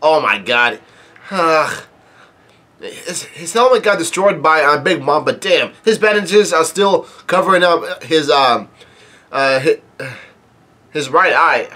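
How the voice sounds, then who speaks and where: A man casually reading through and reacting to a manga chapter, halting often with fillers and restarts. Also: on the high side. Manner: reads quoted dialogue flatly without acting.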